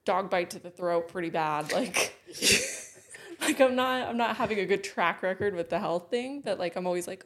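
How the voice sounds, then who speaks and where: A woman's voice: medium pitch, expressive, moderate pace, fairly bright tone. A woman co-hosting a podcast, telling a personal story in blunt casual chat with lots of swearing. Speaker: podcast co-host.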